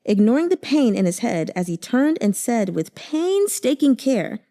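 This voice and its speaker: Brief: woman audiobook reader, mellow tone, very lively pitch, emotive. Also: moderate pace. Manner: expressive, emotive reading. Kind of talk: expressive novel narration.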